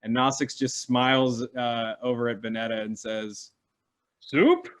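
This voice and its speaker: A man at a mid-range pitch narrates a tabletop game as its game master. He is unhurried and easygoing, and he fills his sentences with small pauses and fillers. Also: smooth. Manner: relaxed, many filler pauses.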